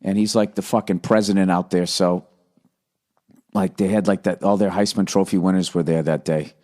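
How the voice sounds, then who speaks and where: A man's voice: deep voice, fairly even intonation, moderate pace, darkish tone. Profane, rambling middle-aged man. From United States. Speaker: podcast host. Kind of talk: casual monologue.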